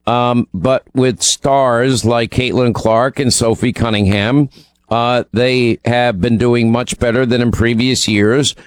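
A man's voice: medium pitch, no room sound. A man from New York co-hosting a talk radio show, rambling casually through ad reads and news with many ums and restarts. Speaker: radio co-host. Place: radio studio.

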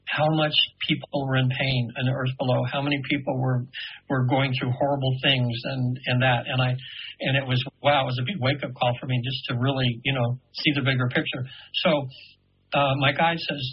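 A man in his seventies, a radio guest telling an earnest, meandering story full of halting restarts. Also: mid-range voice, husky, lo-fi sound. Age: 70s.

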